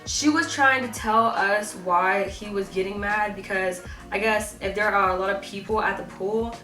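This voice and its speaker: Animated teen girl, echoey room. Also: medium pitch, moderate pace. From South Carolina. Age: teenager. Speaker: vlogger. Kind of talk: animated storytime rant. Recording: echoey, voice a bit far from the mic, faint music.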